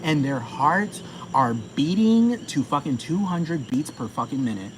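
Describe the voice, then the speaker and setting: Brief: emphatic, profane male ranter, higher-pitched voice, noisy recording with traffic behind. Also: animated, measured pace. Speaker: commentator. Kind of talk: ranting monologue. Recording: noisy with vehicle sounds behind.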